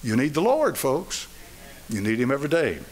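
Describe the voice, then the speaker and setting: A man preaching a sermon to a congregation, folksy and emphatic, with loud emphatic peaks. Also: medium pitch, very animated, moderate pace. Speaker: pastor.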